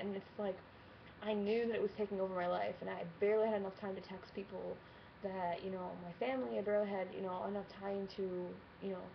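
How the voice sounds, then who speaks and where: A woman's voice: medium pitch, gravelly. A woman in her twenties talking candidly to camera in a casual vlog, swearing freely and laughing often. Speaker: vlogger. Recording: slightly dull lo-fi webcam sound with faint hiss.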